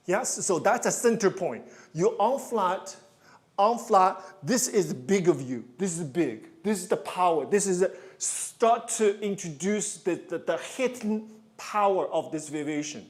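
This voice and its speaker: Guy coaching ballet over a call, high voice, talks slow, hums out the counts. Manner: animated, counts and sings out steps. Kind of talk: online ballet coaching session.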